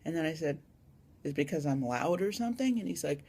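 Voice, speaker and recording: A woman's voice: sits low, animated, quick pace, a little mellow, slightly rough. A young woman chatting casually in a vlog tag, rambling and adding little asides, recorded on a phone camera. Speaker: vlogger.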